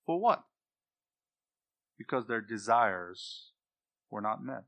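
A man preaching a sermon with passion and strong emphasis, building to loud peaks on key points. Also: mid-range voice, big pitch swings, takes it slowly.

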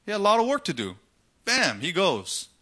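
A man's voice: high-pitched, huge pitch swings, moderate pace, sharp tone. A man preaching a sermon, asking rhetorical questions and retelling scripture stories dramatically. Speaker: pastor.

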